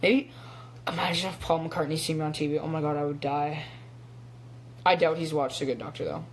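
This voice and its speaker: A man's voice: a little high, steady tone, brisk, a little hiss or hum. A teenage boy chatting casually on a phone live stream, rambling with lots of ums and little laughs. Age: teens. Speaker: young actor live-streaming. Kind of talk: casual chat.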